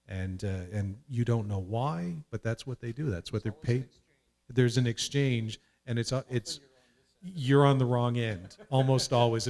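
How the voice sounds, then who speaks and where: A man from Canada telling a self-mocking anecdote on a conference panel, acting out the voices of people he quotes. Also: medium pitch. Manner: lively, self-mocking, acts out quoted dialogue. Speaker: panelist, film producer.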